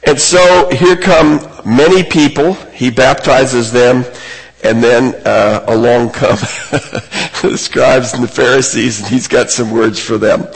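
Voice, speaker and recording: Slow, husky-voiced man preaching. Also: steady tone. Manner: earnest, emphatic, rises in pitch on key points. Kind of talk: sermon. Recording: long reverb of a large hall.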